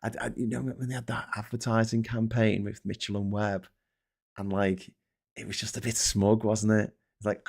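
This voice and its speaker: A man's voice: lowish voice, little pitch movement, moderate pace, creaky, a little mellow. Sweary British man rambling on a live stream. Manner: sweary, rambling, self-mocking asides. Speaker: host. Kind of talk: casual live-stream chat.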